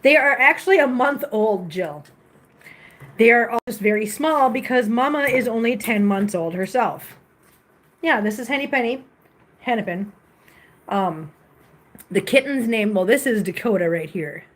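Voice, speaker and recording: Chatty woman with a bright, fairly high voice. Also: animated, moderate pace, pauses often. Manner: switches to a high cooing baby voice for the cats; chatty and rambling, with restarts. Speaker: cat rescuer hosting a live stream. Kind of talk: casual live-stream chat. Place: home with cats.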